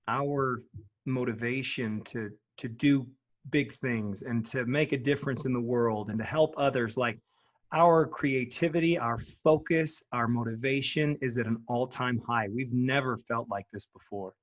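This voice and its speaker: A man's voice: medium pitch, normal speed. A man hosting a casual chat, asking thoughtful questions.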